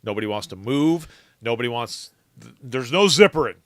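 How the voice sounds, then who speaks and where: A man's voice: mid-range voice, expressive, fairly quick, no echo, studio quality. A man co-hosting a podcast in casual chat, ranting with profanity and exaggerating for laughs. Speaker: podcast co-host.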